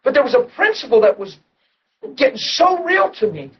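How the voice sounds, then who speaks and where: A man with a high voice preaches his testimony, going from quiet asides to raised, emotional retelling. The recording sounds dull and a little distant from the mic. A faint hum of ambience sits behind him. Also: big pitch swings, normal speed. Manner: emotional storytelling, swings from hushed to loud. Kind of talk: testimony sermon.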